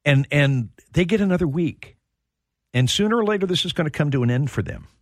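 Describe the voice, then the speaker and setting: A man's voice: fairly high pitch, expressive, fairly quick, dry recording, studio quality. A middle-aged man hosting a sports talk radio show, telling heartfelt stories with plenty of restarts. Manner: heartfelt storytelling.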